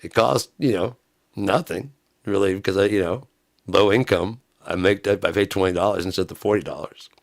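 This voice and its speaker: A man with a low, deep voice tells a casual story to the camera. He acts out both sides of a conversation and breaks into laughter often. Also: moderate pace, gravelly. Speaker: vlogger.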